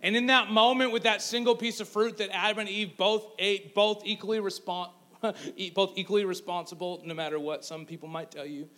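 Joking pastor with a higher voice. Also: male voice, steady tone, a little fast, pushed and bright. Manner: casual, joking storyteller who acts out voices. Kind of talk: sermon.

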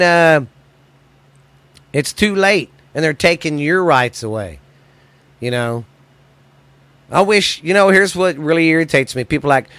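A man hosting a podcast, ranting in a profane, agitated way that swings between loud and quiet. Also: a little high, no room sound. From United States. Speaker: podcast host. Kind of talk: angry solo podcast rant.

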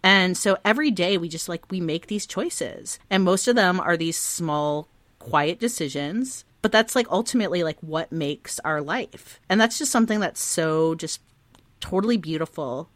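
A woman's voice: lowish voice, normal speed, dry recording. A woman co-hosting a podcast, a mother with a wry, self-deprecating and reflective way of talking. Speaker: podcast co-host. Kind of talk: casual podcast chat.

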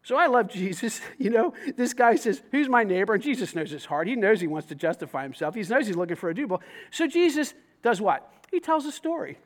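A man preaching a sermon to a congregation in a church, animated and conversational with casual slang. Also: sits high, brisk. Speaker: pastor.

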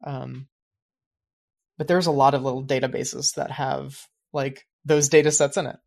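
Man, gravelly voice, casual podcast chat, rambling, lots of filler words, reflective. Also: mid-range voice, flat delivery, moderate pace. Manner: reflective, explains his planning habits at length. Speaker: podcast co-host.

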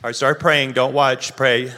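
A man's voice: mid-range voice, little pitch movement, normal speed, background noise. A man leading a church service, upbeat and directing the congregation to welcome a couple and pray. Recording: long hall reverb.

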